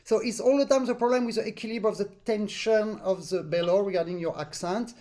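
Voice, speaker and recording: A non-native English speaker with a French accent teaches a live online accordion master class, talking fast in a high, mellow voice. He sings rhythms out using syllables.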